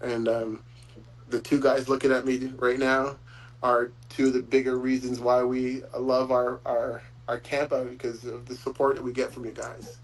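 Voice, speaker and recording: A man hosting a casual chat, talking in a rambling, warm-hearted way with frequent chuckles. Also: mid-range voice, completely flat delivery, moderate pace, rough recording. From Florida. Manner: rambling, chuckles often, fillers. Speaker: host.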